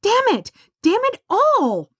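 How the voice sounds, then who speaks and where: A woman voicing a frightened teenage girl stranded after a crash, with desperate, shrill outbursts. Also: lively intonation, moderate pace, dry recording, clean studio sound. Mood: despairing.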